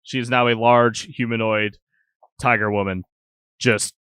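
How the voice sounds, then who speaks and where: A man playing a tabletop game, describing his character's actions in halting, restarting sentences. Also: medium pitch, level tone, a bit bright, clear, resonant tone, no echo. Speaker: player.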